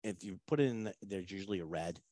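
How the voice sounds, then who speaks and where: Low-voiced man hosting a casual whiskey tasting. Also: fast talker, dry recording. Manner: chatty, joking, trailing off into quieter asides.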